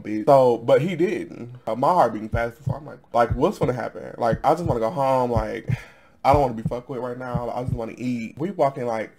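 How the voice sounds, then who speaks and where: A man's voice: medium pitch, darkish tone. A man in his twenties telling a storytime vlog to camera, sassy and profane, laughing often and calling viewers girl. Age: 20s. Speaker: storytime vlogger. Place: at home in front of a camera.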